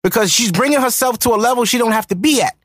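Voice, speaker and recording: A man's voice: very high voice, fast talker, fairly bright tone, no room sound. A man hosting a podcast, ranting in heated commentary with profanity and repeated points. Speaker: podcast host.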